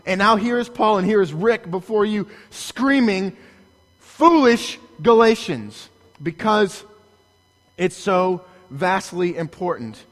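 A man preaching a sermon as pastor, emphatic and building to shouted lines. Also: high-pitched, lively intonation, measured pace, hardly any pauses, long reverb tail.

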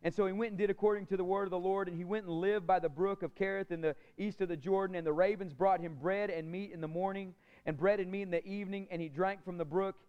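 A man delivers a sermon from the pulpit, his voice sitting high for a man. He presses hard on key lines, then sinks to a near-whisper. The recording is dull and lo-fi, with a muffled top end. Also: steady tone, fast, few pauses, clear, resonant tone. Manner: impassioned preaching, swinging from loud emphasis to soft near-whisper. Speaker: pastor.

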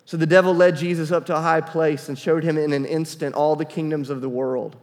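A pastor preaches to his congregation in a slightly high, steady voice at a brisk pace. He reads scripture with emphasis and asks the people to call out answers. The church hall around him is reverberant.

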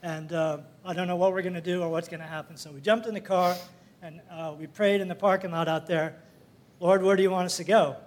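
A man's voice: high voice, fairly even intonation, brisk. An older man sharing a rambling, folksy church testimony, full of fillers and little laughs. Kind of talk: casual storytelling testimony.

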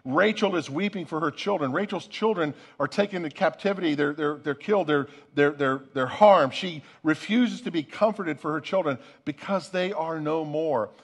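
Higher-voiced man preaching earnestly. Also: moderate pace, few pauses. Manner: earnest, repeats words at starts of phrases. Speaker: pastor. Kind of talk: sermon.

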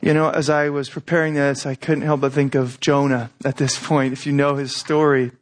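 A man preaching a sermon in a conversational way, with asides and restarts, acting out quoted voices. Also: normal speed. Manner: animated, acts out quoted voices with rising pitch. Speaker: pastor.

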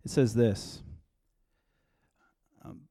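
A man in his thirties, a pastor giving a relaxed, conversational sermon with personal stories. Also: very slow, dry recording.

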